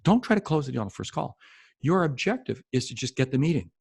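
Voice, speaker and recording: Male sales coach, husky gravelly voice, emphatic and repetitive, talking straight to camera, dry recording. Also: mid-range voice, big pitch swings, fast, dry recording. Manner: emphatic, repeats key phrases for stress; speaks directly to the viewer. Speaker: sales trainer. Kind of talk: motivational coaching talk to camera.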